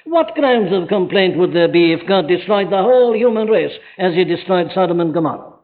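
A man's voice: high-pitched, expressive, brisk, phone-quality sound. A man preaching a sermon in a chapel, pressing his listeners with urgent rhetorical questions. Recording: thin archive sermon recording with long chapel reverb.

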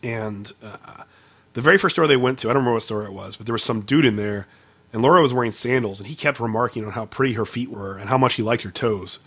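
A man's voice: medium pitch, fast talker, fairly bright tone, husky. A man co-hosting a podcast, casually telling funny anecdotes and laughing often. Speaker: podcast co-host. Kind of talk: casual chat, storytelling.

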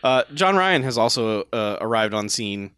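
A man's voice: mid-range voice, normal speed, clean tone, dry recording, studio quality. A man casually chatting about a movie with a friend, chiming in with jokey quips and playful impressions. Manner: animated, jokey, chimes in with quips. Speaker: podcast co-host. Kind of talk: casual movie recap chat.

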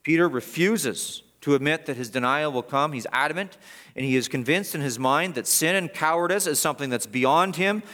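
A middle-aged male pastor preaching verse by verse, swinging from loud emphatic peaks to low, quiet asides. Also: normal speed. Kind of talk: expository sermon.

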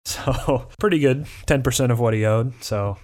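A man from the American Midwest co-hosting a legal business podcast in casual, laid-back chat, often trailing off quietly. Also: mid-range voice, normal speed. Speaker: podcast co-host and lawyer.

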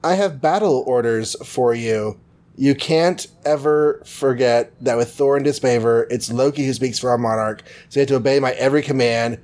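A man's voice: medium pitch, normal speed, darkish tone, close to an everyday voice. A man voicing a scheming trickster god who talks in an oily, falsely sympathetic way. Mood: bossy.

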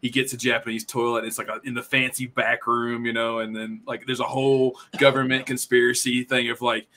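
A man's voice: mid-range voice, brisk, a little hiss or hum. A man co-hosting a podcast, telling stories in a casual way with many fillers. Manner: animated storyteller with many fillers. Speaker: podcast co-host. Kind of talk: casual chat.

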